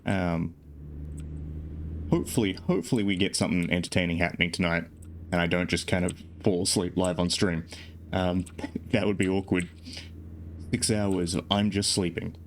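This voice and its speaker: A sleepy man with a very low voice rambles through driving-game commentary, cracking self-deprecating jokes. A faint hiss and keyboard clatter sit behind him at his home computer. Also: fairly even intonation, moderate pace, long pauses. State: sleep-deprived. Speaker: streamer. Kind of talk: casual gameplay commentary.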